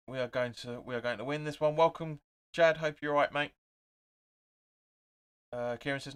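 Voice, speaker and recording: A young man hosting a live football watch-along, calling the play in short bursts, reading out viewers' comments and getting excited and swearing at his team. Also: a little high.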